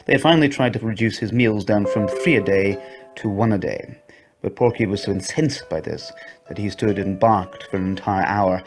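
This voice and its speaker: A man narrating a children's story in an expressive storybook reading voice. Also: lowish voice.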